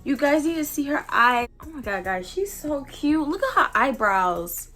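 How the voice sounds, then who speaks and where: A young woman vlogging an unboxing in a casual, gushing way, full of excited exclamations. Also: high-pitched, normal speed, faint music behind, poor audio. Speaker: doll collector vlogger.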